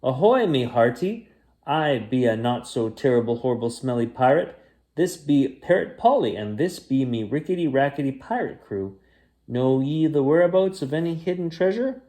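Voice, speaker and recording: A man's voice: medium pitch, expressive, warm tone, voice pushed up, natural voice. A man doing a hearty boastful pirate. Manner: pirate talk, hearty and brisk. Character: jolly boastful male pirate captain.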